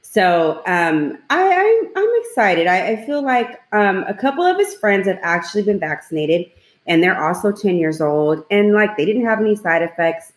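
A woman's voice: mid-range voice, sing-song, normal speed. A woman in her thirties co-hosting a radio talk show, chatting casually, laughing often and filling her talk with "like" and "you know". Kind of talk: casual chat. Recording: roomy echo.

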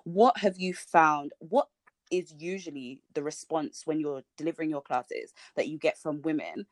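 A woman podcast host who asks long, rambling questions in an animated, affirming way. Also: low voice, normal speed, no echo. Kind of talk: podcast conversation.

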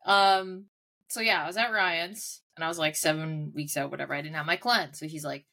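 A woman's voice: deep voice, steady tone, fairly quick, gravelly, sharp tone. A woman co-hosting a podcast, telling a story in casual chat and laughing often as she talks. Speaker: podcast co-host.

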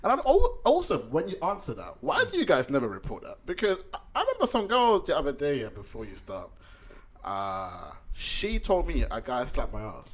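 A man's voice: fairly high pitch, wildly swooping pitch, normal speed. A young man, chatting casually in slangy, laid-back banter. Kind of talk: casual chat.

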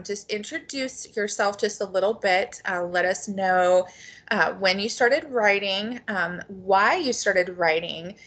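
A woman's voice: lowish voice, a bit bright. A woman hosting a book podcast, introducing the show and chatting with a guest in an enthusiastic, chatty way. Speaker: podcast host. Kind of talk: podcast intro and casual interview.

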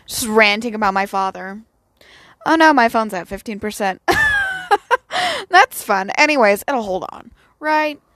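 A woman's voice: medium pitch, expressive, normal speed, fairly bright tone, dry recording. A girl in her late teens ranting casually outdoors into her phone, blunt, profane and self-mocking. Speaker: vlogger. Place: outdoors near home at sunset.

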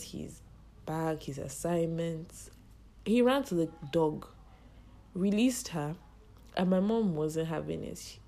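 A young woman hosting a podcast, telling a personal story in a halting, tearful way with a strained, choked-up voice. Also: lowish voice, vocal fry, dark tone, slight background noise. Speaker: podcast host. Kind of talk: personal monologue.

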